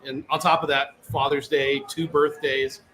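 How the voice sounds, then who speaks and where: A man in his forties co-hosting a podcast in animated casual chat, reading out listener comments. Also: on the high side, moderate pace, a little hiss or hum, poor audio. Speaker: podcast co-host.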